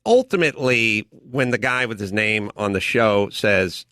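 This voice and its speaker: A podcast host in a casual chat, speaking bluntly and swearing freely. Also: male voice, on the low side, animated, a little slow, bright, forceful tone, dry recording, studio quality. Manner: blunt and profane.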